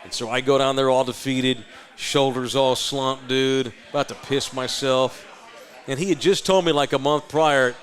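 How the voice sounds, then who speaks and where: A man from Texas, hosting a live podcast and telling a loud, profane, animated story. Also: medium pitch, normal speed. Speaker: podcast host.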